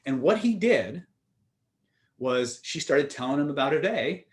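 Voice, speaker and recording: A man's voice: a little high, expressive, measured pace. A man teaching communication skills in a seminar, telling stories and speaking emphatically, with direct rhetorical questions. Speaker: influence and communication trainer.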